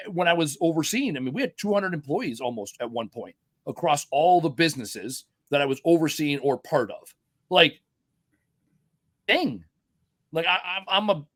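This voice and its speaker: A middle-aged man talks fast and swears freely, hosting a casual podcast with rambling stories. His voice sits a bit high for a man. The sound is dry and close, with no room in it. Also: a bit bright, no echo. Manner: profane, rambling storyteller. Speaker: podcast host.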